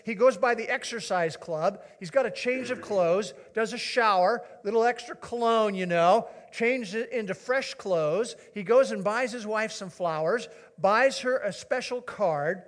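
A man with a high voice preaches a sermon in a casual, storytelling way. He coaxes replies from his listeners as he goes. A long reverb from the large church hall trails his words. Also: measured pace, few pauses. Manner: conversational, storytelling, coaxing the congregation. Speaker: pastor. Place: church sanctuary.

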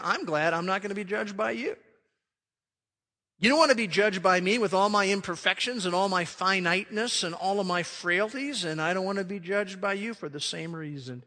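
A man preaching a sermon as pastor, emphatic, swelling loud and then dropping to a quiet hush. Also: high voice, normal speed, in a large hall.

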